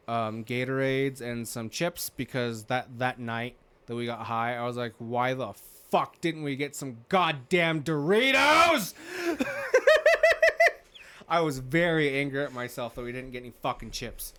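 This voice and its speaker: A man's voice: mid-range voice, fairly bright tone, clean tone. A man hosting a podcast, telling a rambling story in casual chat, swearing freely and acting out what people said. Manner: rambling, swears freely, acts out quoted dialogue. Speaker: podcast host.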